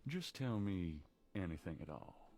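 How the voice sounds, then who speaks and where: A man's voice: deep voice, big pitch swings, a little slow, a little mellow. An actor playing a lazy, flirtatious male writer who runs a bookshop, teasing his assistant in a voiced adventure game. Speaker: game character.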